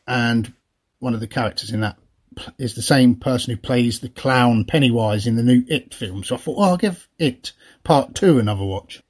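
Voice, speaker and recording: Chatty husky-voiced man. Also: mid-range voice, normal speed. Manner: chatty, rambling, laughs often. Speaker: podcast co-host. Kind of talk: casual chat.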